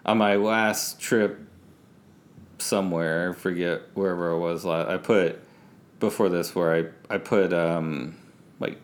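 A man's voice: low-pitched, steady tone, unhurried. A man co-hosting a casual podcast chat, rambling with lots of fillers and restarts. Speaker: podcast co-host.

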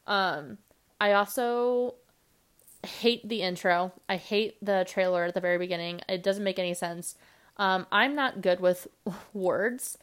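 A young woman hosting her own podcast, talking fast and rambling casually with lots of fillers. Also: mid-range voice, smooth. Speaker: podcast host. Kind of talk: casual solo podcast monologue.

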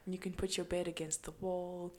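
A woman's voice: fairly low pitch, little pitch movement, a little fast. Young female podcast co-host, giggly and chatty, casual banter. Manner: giggly, laughs often. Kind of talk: casual chat.

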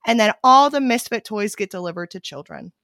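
Woman, casual chat, animated storyteller, profane, dry close sound. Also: mid-range voice, fairly quick, no echo. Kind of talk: casual chat, retelling a movie plot.

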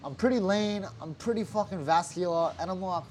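A man's voice: high-pitched, brisk, a little mellow, a little hiss or hum. A young Australian man, a fighter, telling a story in a casual interview, swearing a lot and acting out what others said. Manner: swears a lot, acts out quotes animatedly.

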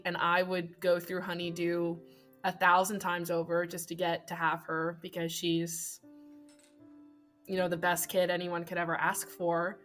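A woman's voice: on the low side, a bit bright, natural voice. A woman playing a blunt divorced mom.

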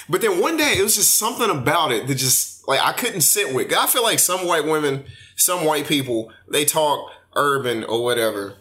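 Animated young man telling a story. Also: on the high side, normal speed. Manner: animated storyteller, acts out quoted voices. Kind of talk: casual chat.

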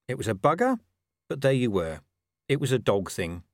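Man reading an audiobook, wry and lively, dry close sound. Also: medium pitch, moderate pace, no room sound. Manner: expressive, wry storytelling. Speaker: audiobook narrator. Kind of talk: scripted narration.

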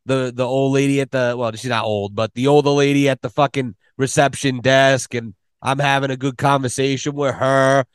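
A man's voice: medium pitch, flat delivery, normal speed, hardly any pauses, smooth, no echo, clean studio sound. A man in casual podcast conversation, telling rambling stories full of swearing. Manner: swears often, rambling storyteller.

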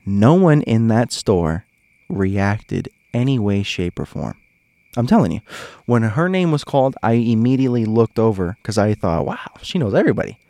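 A male podcast host chats casually and animatedly right to his listeners, chuckling often as he tells stories. His voice is fairly low and mellow, with no room sound in the recording.

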